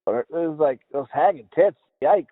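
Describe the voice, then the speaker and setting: A man's voice: on the high side, lively intonation, normal speed, no room sound. Rambling crude man, tinny sound. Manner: rambling, laughs often, crude jokes. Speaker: podcast co-host. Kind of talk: crude casual banter.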